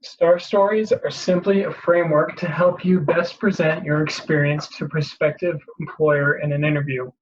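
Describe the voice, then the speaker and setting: A husky, slightly breathy voice talks through a lesson in a steady, clear way, with a few small restarts. The recording is dull and lo-fi, as if made on a modest mic. It sounds like a presenter giving a plain voice-over explainer. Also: mid-range voice, moderate pace, few pauses. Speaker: career advice presenter. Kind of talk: instructional voice-over.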